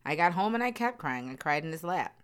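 A woman with a low, deep speaking voice talks straight to her viewers in a candid vlog. She is earnest and emphatic and repeats phrases to drive her point home. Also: very animated, a little fast, smooth. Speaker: vlogger. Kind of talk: candid personal talk to viewers.

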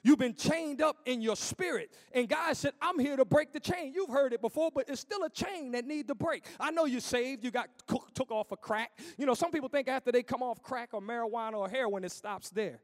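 A man preaching a sermon as pastor, impassioned, rising to shouts and dropping low, in an informal church preaching cadence. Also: brisk, few pauses. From United States.

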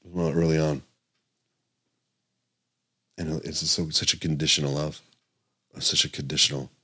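A man's voice: rumbling low, little pitch movement, unhurried, sharp tone, slightly rough. A middle-aged man, a doctor hosting a podcast, talking earnestly and emphatically, repeating his points and correcting himself aloud. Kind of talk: podcast monologue.

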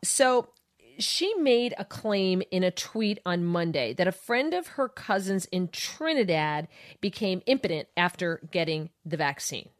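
A woman's voice: on the low side, sing-song, a little slow. A woman hosting a talk radio show, giving sarcastic, opinionated political commentary.

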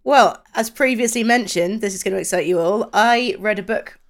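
A woman co-hosting a podcast, describing a book in casual chat and often pausing to find her words. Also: medium pitch. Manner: hesitant, with many pauses and fillers. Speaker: podcast co-host.

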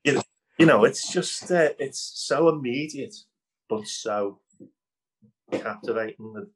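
With a mid-range, breathy-edged voice and a slow pace, a Liverpool man with a Scouse accent chats as an improv comedy guest in a casual video-call interview. He rambles with lots of fillers and restarts and laughs readily, in a low-quality recording.

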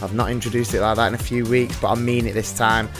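A man's voice: on the low side, flat delivery, quick pace, music in the background. A man hosting a casual podcast, joking, singing little snippets and laughing often. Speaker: podcast host.

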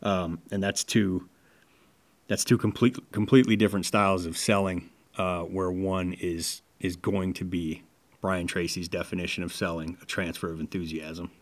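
A man co-hosting a casual sales-training podcast, who talks animatedly and acts out sales pitches. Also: level tone, moderate pace. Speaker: podcast co-host.

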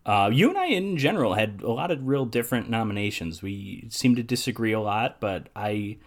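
A man's voice: lowish voice, sing-song, a little fast. A man co-hosting a podcast in casual chat, steering the segment in a dry, matter-of-fact way. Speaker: podcast co-host.

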